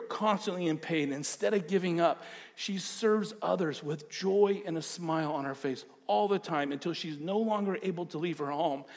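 A male pastor delivering a sermon, his voice pitched slightly high for a man. He moves between hushed, low phrases and sudden emphatic bursts. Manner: dynamic preaching, dropping low then rising to emphatic bursts.

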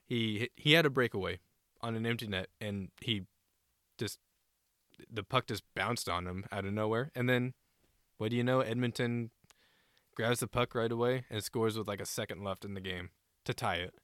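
A man co-hosting a casual sports podcast, animated and a bit profane, often acting out players' shouted lines. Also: fairly low pitch, normal speed, dry recording, studio quality. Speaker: co-host.

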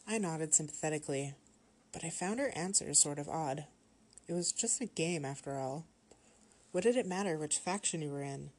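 Calm and steady, a low-voiced woman narrates a horror story. She guides the listener through it in an even, measured delivery.

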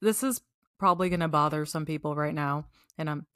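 A woman's voice: low voice, brisk, fairly bright tone, no echo, studio quality. Playful woman co-host from Chicago. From Chicago, United States. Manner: playful, giggly, teasing. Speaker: podcast co-host. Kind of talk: casual chat.

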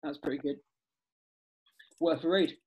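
Male podcast host, casual and excitable, slightly high voice. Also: measured pace, slightly rough, rough recording. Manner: chatty, laughs often, excitable. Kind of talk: casual chat.

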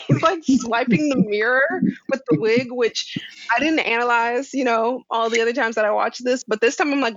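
A woman with a slightly high voice chats casually and rambles, dropping "um" and "like" as she goes. The recording is dry and somewhat dull. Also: normal speed, fairly bright tone, no echo. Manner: chatty, rambling, full of "um" and "like". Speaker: podcast co-host. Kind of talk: casual chat.

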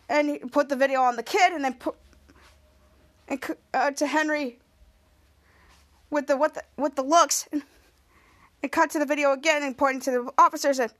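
High-voiced woman recapping a TV episode. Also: fairly even intonation, normal speed, long pauses, a bit bright. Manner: retells scenes step by step, acting out characters' lines; rambling, with frequent restarts. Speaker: podcast host.

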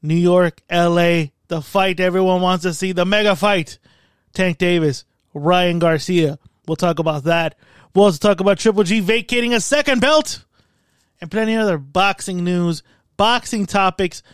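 A man's voice: sits high, moderate pace, clean tone, no room sound, clean studio sound. A man hosting a podcast in casual chat, telling stories animatedly and swearing often. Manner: profane, animated storytelling. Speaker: podcast host. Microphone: studio mic.

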